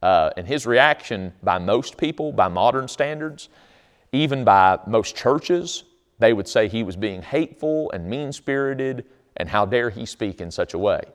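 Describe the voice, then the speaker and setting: A man's voice: mid-range voice, lively intonation, a little slow, clean tone. A man preaching a sermon, telling stories in an emphatic, conversational way. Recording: long hall reverb.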